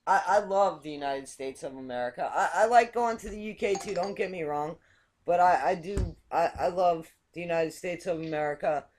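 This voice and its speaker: A woman from Canada hosting a casual group video chat, chatty and giggly, often restarting her words. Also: mid-range voice. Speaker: host.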